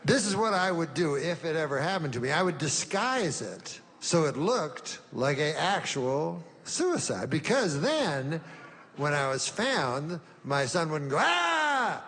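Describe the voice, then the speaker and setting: A man doing a stand-up comedy set, telling stories in a dry, deadpan way with halting pauses. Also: on the high side, long reverb tail. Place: comedy stage.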